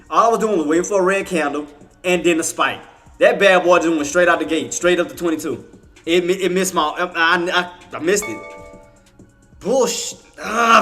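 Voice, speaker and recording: Frustrated bright-voiced man trading live. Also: high voice. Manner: frustrated, repetitive, casual slang, cursing under breath. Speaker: day trading livestream host.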